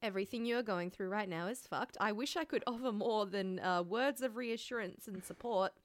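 A woman's voice: medium pitch, brisk, no echo. An Australian woman co-hosting a podcast, speaking frankly and bluntly in casual chat and swearing freely. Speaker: podcast co-host.

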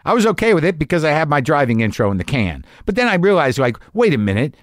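A middle-aged man tells a long story as a casual monologue, ranting, swearing, poking fun at himself, and acting out what others said. He talks fast in a voice on the high side, very animated throughout.

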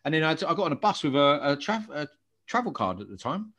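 A man's voice: fairly high pitch, very animated, fast, fairly bright tone. A man telling laughing stories about football away days in casual podcast chat. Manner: laughing storyteller, swearing, blokey slang. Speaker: podcast co-host.

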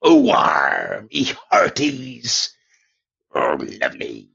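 Boisterous pirate with a Northern Irish lilt, done by a man: husky, gravelly, pitch leaping all over. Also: wildly swooping pitch, drawn-out words, fairly bright tone, heavily acted. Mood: hearty. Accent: Northern Irish put-on. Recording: dull lo-fi sound.

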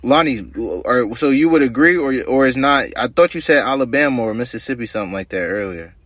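A man's voice: mid-range voice, fairly quick, a bit bright, dry recording. A man co-hosting a casual podcast, bringing up topics and asking questions. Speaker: podcast co-host. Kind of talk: casual banter.

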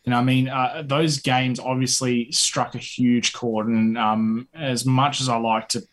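A man with a mid-range voice chatting on a gaming podcast. He thinks out loud, with many ums and restarts as he works toward his point. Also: medium pitch, little pitch movement, a little slow. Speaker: podcast co-host. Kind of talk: casual gaming podcast chat.

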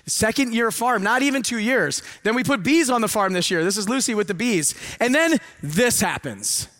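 A middle-aged man giving a live, preachy seminar talk to an audience, swinging between loud urging and hushed asides. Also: high voice, expressive, moderate pace, no room sound, clean studio sound. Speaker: motivational speaker. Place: event hall with a live audience.

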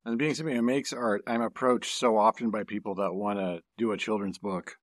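A man co-hosting a casual podcast, deadpan and playfully absurd in his asides. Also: on the low side, brisk, dry recording, studio quality. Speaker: podcast co-host, artist.

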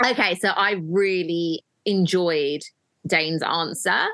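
A woman, a podcast guest chatting in a relaxed, self-deprecating way. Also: fairly low pitch, slow, no echo. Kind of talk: casual podcast chat.

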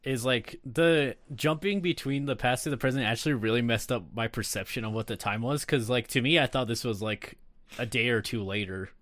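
A man on a relaxed film podcast asks questions and thinks aloud, a little unsure of himself. His voice is bright at a middle pitch. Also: brisk, no room sound. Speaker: podcast co-host. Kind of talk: casual film discussion.

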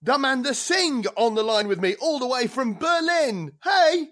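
A man's voice: very high-pitched, animated, unhurried, fairly bright tone. A man hosting a podcast, introducing the episode in a chatty, upbeat way. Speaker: podcast host.

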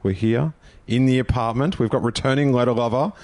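A man's voice: medium pitch, brisk, darkish tone, dry recording. A man hosting a casual podcast from an apartment, upbeat and jokey as he chats with guests. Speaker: podcast host.

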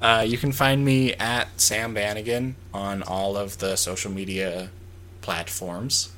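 A man's voice: fairly low pitch, level tone, unhurried, a bit bright, slight background noise. A man co-hosting a podcast, bantering casually and laughing often. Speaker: podcast co-host. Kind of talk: casual chat.

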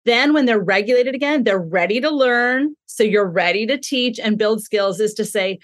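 A woman explaining parenting ideas in a calm, thoughtful way in a podcast conversation. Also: fairly high pitch, normal speed, hardly any pauses, no echo, studio quality. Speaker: parenting expert guest.

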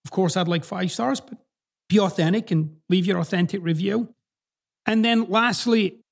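Male podcast host, Scottish accent with a Southern American twist, blunt and profane, high gravelly voice. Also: normal speed. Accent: Scottish mixed with American Southern. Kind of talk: advice podcast monologue.

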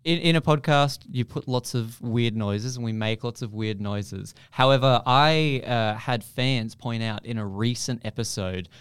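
A man's voice: mid-range voice, measured pace, hardly any pauses, a bit bright, clean tone. A man presenting a mock-serious investigation segment during casual podcast banter.

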